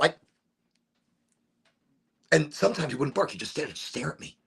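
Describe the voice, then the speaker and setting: A middle-aged man from Chicago telling a rambling story on a live stream, animated and swearing, with sudden shouts when he acts out voices. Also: a little high, normal speed. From Chicago, USA. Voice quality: gravelly and husky. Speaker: streamer hosting a smoke session.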